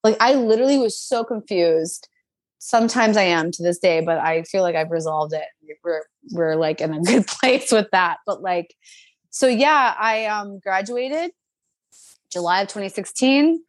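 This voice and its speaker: A woman in her twenties telling a personal story in a casual, animated, chatty way, full of fillers. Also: medium pitch, moderate pace, no room sound.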